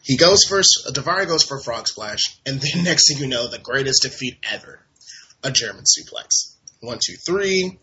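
A man co-hosting a wrestling podcast, recapping matches in animated casual chat. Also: medium pitch, moderate pace. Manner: animated, laughing, does mock voices in quotes. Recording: dull lo-fi audio.

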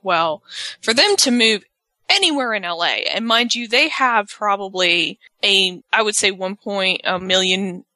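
A chatty woman co-hosting a podcast, talking in a bright, forward tone. Her voice is close and dry, with no room around it. She is lively and casual as she recaps what happened. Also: lowish voice, no room sound. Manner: chatty, animated, slips into quoted voices. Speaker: podcast co-host recapping a reality show. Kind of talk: casual chat.

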